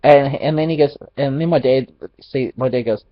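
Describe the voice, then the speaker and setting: A man telling a personal faith testimony in an animated storytelling way, laughing often. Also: medium pitch, moderate pace, dry recording. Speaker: ministry speaker. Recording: dull dry lo-fi recording.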